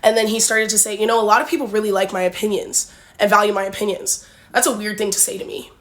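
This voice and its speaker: A woman's voice: medium pitch, level tone, fast talker, fairly bright tone. A young woman from Canada telling a casual dating storytime, blunt and forward, with lots of fillers. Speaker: vlogger.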